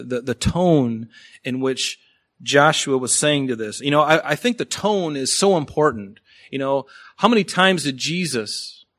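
Earnest preaching man, voice rising and falling. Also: medium pitch. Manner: expressive preaching, drops to soft voice for dramatic quotes. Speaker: pastor. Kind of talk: sermon.

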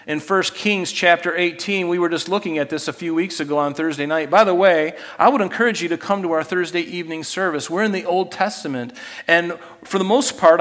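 A man preaching a sermon as pastor, animated and acting out scripture scenes with put-on voices, in a church sanctuary. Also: high voice, long reverb tail.

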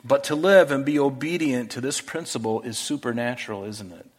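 A male pastor preaching a sermon earnestly, often dropping to a soft voice for rhetorical questions. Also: medium pitch, brisk.

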